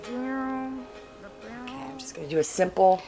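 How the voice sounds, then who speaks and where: A woman's voice: sits high, lively intonation, a little slow, dark tone. A woman in a music documentary talking casually and frankly, in a laid-back way full of drifting asides. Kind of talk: casual candid chat.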